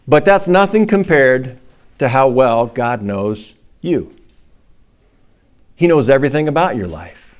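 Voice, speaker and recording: Man preaching a sermon with animated quotes. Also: a little high. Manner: animated, acts out quotes in a raised voice. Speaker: pastor.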